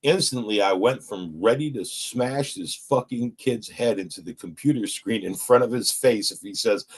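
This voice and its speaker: A man's voice: lowish voice, moderate pace, hardly any pauses, breathy edge. A man telling a personal story in casual, profane speech, acting out what people said to him. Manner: profane, animated, retells with quoted voices. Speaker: person sharing at a recovery meeting.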